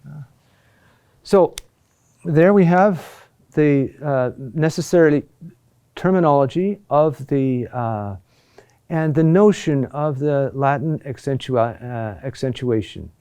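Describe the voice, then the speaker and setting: A middle-aged man teaching a recorded lesson, speaking in a halting way with many fillers and restarts. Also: medium pitch, mellow, smooth. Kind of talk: recorded lesson on Latin chant accentuation.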